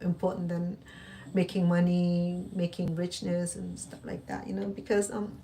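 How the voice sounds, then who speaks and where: Middle-aged woman, casual confiding vlogger, halting delivery with restarts, mic slightly far. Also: on the low side, flat delivery, warm tone, slight background noise. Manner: rambling, halting, many restarts and fillers. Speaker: cooking channel host. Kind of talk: casual personal talk to camera.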